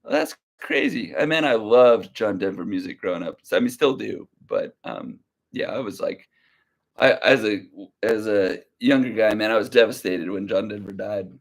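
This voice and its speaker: A young man hosting a casual livestream, talking slowly and easily with a slight drawl, rambling as he reads viewer comments aloud. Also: on the low side, sing-song, gravelly. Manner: slow, easygoing drawl. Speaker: livestream reseller host.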